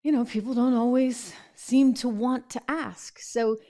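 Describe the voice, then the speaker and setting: A woman's voice: on the high side, fairly even intonation, a little slow, mellow. Chatty woman host telling a story. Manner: chatty storytelling with fillers and laughs. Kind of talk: casual commentary.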